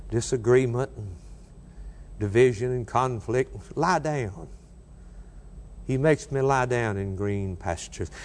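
Older man, preacher, sermon delivery, big dynamic swings, reverberant hall. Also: medium pitch. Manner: dramatic swings between soft and raised delivery.

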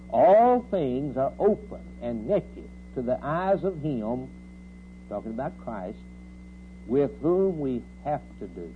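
A man preaching a sermon, asking the listener question after question, rising to loud outbursts and dropping to low, quiet lines. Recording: tinny phone-like old sermon recording with faint hum.

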